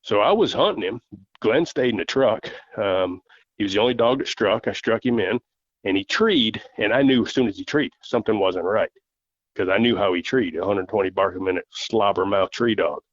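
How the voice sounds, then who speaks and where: Low-voiced man telling folksy stories. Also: no room sound, dull audio. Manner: folksy, unhurried storyteller. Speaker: guest, coonhound handler. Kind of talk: storytelling in casual interview.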